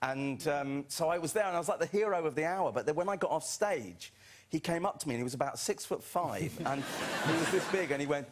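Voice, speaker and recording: A man, a comedian, telling a lively anecdote on a chat show sofa, acting out other people's voices and laughing. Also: on the high side, brisk, a little hiss or hum. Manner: animated storytelling, acts out other voices, laughs often. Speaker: comedian guest. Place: TV studio with audience.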